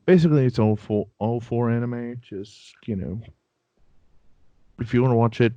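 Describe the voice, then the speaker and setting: Man with a dark, muffled voice. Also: mid-range voice, moderate pace, no room sound. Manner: chatty, defensive, laughs easily. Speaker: podcast co-host. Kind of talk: casual chat.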